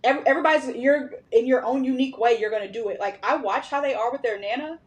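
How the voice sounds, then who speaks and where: A woman host in a casual podcast conversation, telling family stories with lively retellings of what her relatives said. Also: on the high side, fast. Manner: animated storytelling, acting out family members' lines.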